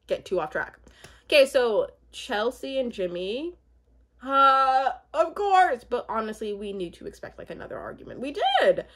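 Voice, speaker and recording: A young woman in casual chat, rambling with many fillers and asides as she recaps a reality show. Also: a little high.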